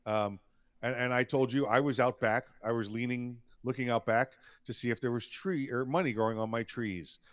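A man's voice: mid-range voice, fairly even intonation, normal speed, no echo. Guy co-hosting a political podcast, chatty storyteller, chuckles a lot, dry close mic. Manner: storytelling, chuckling, repeats "yeah". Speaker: podcast co-host. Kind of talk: casual political chat.

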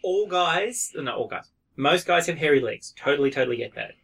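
A man co-hosting a casual film review podcast, animated, laughing often and swearing. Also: on the high side, brisk. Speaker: podcast co-host.

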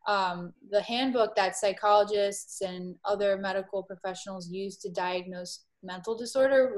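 A woman in her forties from Miami, a guest psychologist explaining her field in a measured, clear conversational way. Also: mid-range voice. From Miami, Florida.

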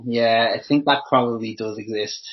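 A man's voice: medium pitch, steady tone, normal speed, husky. A man in a casual podcast chat, talking in a dry, self-mocking way. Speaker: podcast co-host. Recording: dull podcast mic.

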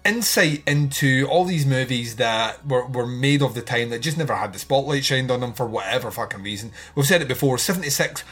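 A man's voice: mid-range voice, animated, a little fast, hardly any pauses, fairly bright tone, slightly rough, soft background music. A man co-hosting a casual film podcast, rambling with lots of fillers and swearing, often laughing. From outside the United States. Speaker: podcast co-host. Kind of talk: casual film review chat.

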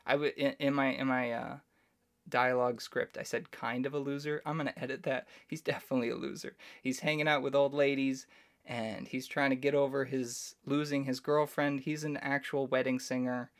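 A man's voice: mid-range voice, flat delivery, moderate pace, smooth. A man talks alone on a podcast in an easygoing, conversational way. He lays out his opinions at length and stays chatty and informal. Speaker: podcast host. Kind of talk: casual solo commentary.

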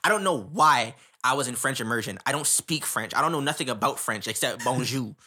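A man's voice: mid-range voice, animated, a little fast, bright, forceful tone, slightly rough. A young man from Canada, telling a story in casual chat, rambling with slang and frequent laughter.

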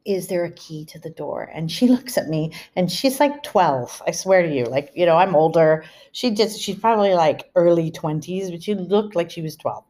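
A woman's voice: lowish voice, moderate pace, few pauses. Chatty middle-aged woman telling a story. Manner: animated, chatty, full of asides. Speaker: podcast host. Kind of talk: storytelling monologue.

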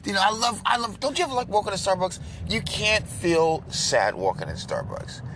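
A man's voice: high voice, normal speed. A man chatting casually to his viewers, telling a story and acting out the voices of the people in it. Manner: storytelling, acts out quoted voices, animated. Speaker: vlogger. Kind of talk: casual chat to camera. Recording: loud traffic noise outdoors.

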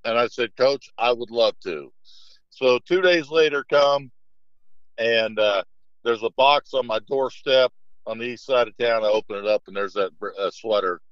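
A man's voice: mid-range voice, normal speed, clean tone, no echo. A middle-aged man, a basketball coach, telling anecdotes in a casual interview, rambling with many fillers and restarts. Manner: rambling, lots of "you know" and restarts; lively when quoting others in anecdotes. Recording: dull lo-fi dry sound.

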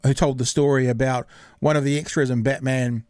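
A male podcast host chats casually in a medium-pitched voice. He rambles and gropes for words as he talks. The recording is dry and close. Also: steady tone, a little fast, darkish tone, no echo. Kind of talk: casual chat.

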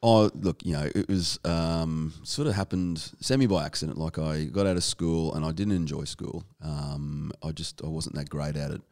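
An Australian man as a guest in a casual interview, talking in halting bursts full of restarts and casual swearing. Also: a bass voice, fairly even intonation, a little mellow. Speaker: guest, strength and conditioning coach.

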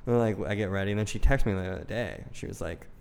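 Low-voiced man telling animated stories. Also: fast, a little hiss or hum. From Ohio. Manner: animated storyteller, acts out quotes loudly, swears freely. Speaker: stand-up comedian. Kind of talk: casual podcast chat.

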